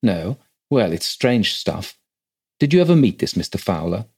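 A man's voice: on the low side, very animated, normal speed, a little mellow, breathy edge, full character voice. Man doing a stern, scheming old mother. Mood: probing. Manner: urgent, commanding.

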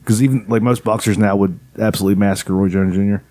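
A man's voice: on the low side, fairly even intonation, fast, warm tone. A man joking and teasing his way through a casual podcast conversation. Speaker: podcast co-host.

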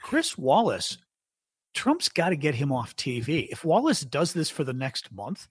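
Man, podcast co-host, lively pitch, husky, dry close sound. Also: measured pace, no echo. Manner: reactive, frequent short interjections. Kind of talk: casual political chat.

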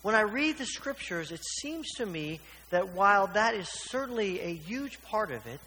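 High-voiced earnest preacher in a reverberant hall. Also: male voice, sing-song, moderate pace, sharp tone. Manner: earnest, uses rhetorical questions. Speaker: pastor. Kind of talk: sermon. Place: church. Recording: reverberant church hall with faint hiss.

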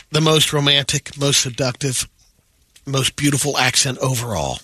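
A man's voice: medium pitch, sharp tone, slight background noise. A man co-hosting a morning radio show, reading quirky news items in casual banter. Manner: brisk news-item delivery.

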